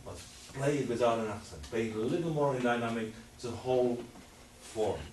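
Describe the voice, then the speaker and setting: A man's voice: mid-range voice, brisk, darkish tone, far from the mic, slight background noise. Male string quartet coach, sings rhythms, heard from across a reverberant room. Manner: sings rhythms, repeats instructions. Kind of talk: master class coaching. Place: rehearsal room with musicians. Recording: roomy, from afar, music playing.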